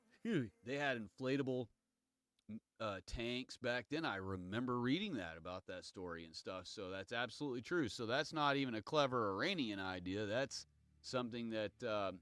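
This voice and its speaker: A man's voice: medium pitch, a bit bright, clean tone, no room sound. A man hosting his own livestream, talking in a meandering, digressive way and reading viewer comments aloud. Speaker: livestream host. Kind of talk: rambling solo livestream monologue.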